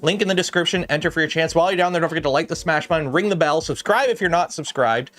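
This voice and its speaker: A man's voice: a little high, quick pace, a bit bright, faint music behind. A man hosting a livestream, chatting in a rambling, filler-heavy way with plenty of "like" and "uh" while he works at his bench. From Canada. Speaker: livestream host. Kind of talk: casual livestream chat.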